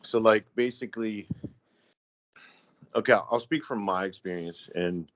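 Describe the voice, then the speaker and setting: Deep-voiced man, halting and rambling. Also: dry recording. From United States. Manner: halting, rambling, many fillers and restarts. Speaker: guest, tattoo artist. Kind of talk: casual conversation. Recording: dry, dull lo-fi audio.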